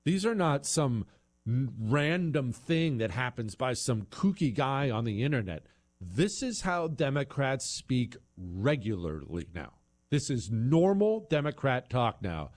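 Brief: male radio host, heated political monologue, very animated delivery. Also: on the high side, moderate pace. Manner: heated, emphatic ranting.

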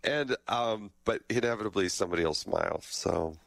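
A man's voice: fairly low pitch, brisk, gravelly, a bit bright, dry recording. Middle-aged guy host, jokey storyteller, dry close mic sound. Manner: jokey, self-deprecating storyteller. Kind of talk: casual interview chat.

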